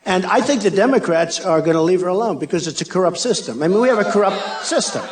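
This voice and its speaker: An older man running for office speaks fast in a high-pitched, animated voice at a big-arena rally. The speech is boastful and repetitive with mocking asides, and the crowd and ambience are faint in the background.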